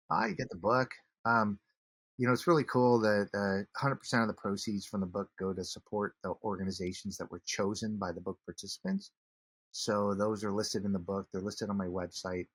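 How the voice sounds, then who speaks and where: Earnest husky man telling a story. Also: low-pitched, fairly bright tone, dry recording. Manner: earnest, halting, many restarts, acts out quoted voices. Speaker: podcast guest, author. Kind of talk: casual storytelling interview.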